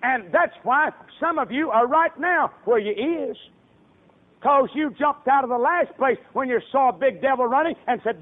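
A man's voice: very high-pitched, animated, moderate pace. A man preaching a sermon in a folksy way, acting out the voices of people in his stories. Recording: tinny phone-like radio broadcast.

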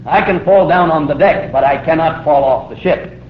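A man's voice: on the high side, normal speed. A middle-aged man preaching a sermon, telling a story vividly and acting out the voices in it. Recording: roomy, dull old recording with faint hiss.

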